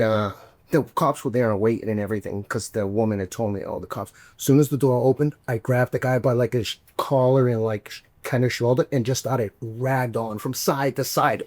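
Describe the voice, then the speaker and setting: A man hosting a podcast, telling a story in a casual, animated way, swearing and acting out the voices he quotes. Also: mid-range voice, no echo. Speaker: podcast host.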